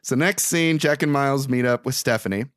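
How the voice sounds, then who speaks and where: Young male podcast co-host, mid-pitched, swears freely while recapping a film, close dry sound. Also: a bit bright, no room sound. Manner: profane, exasperated storytelling with quick quoted asides. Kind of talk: casual movie recap.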